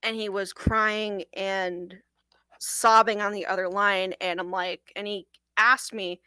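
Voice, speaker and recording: Young woman, hotline worker, earnest halting storytelling, bright tense voice, dry close sound. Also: medium pitch, steady tone, clean tone, dry recording, rough recording. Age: young adult. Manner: earnest, halting, with frequent "like" fillers. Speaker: domestic violence hotline worker. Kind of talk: recounting a personal experience in an interview.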